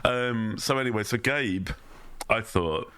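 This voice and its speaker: Deep-voiced man, dry close mic. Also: unhurried, pushed and bright, clear, resonant tone, no echo. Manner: hesitant, full of ums and restarts, chuckling. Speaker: podcast co-host. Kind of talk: casual comedic chat.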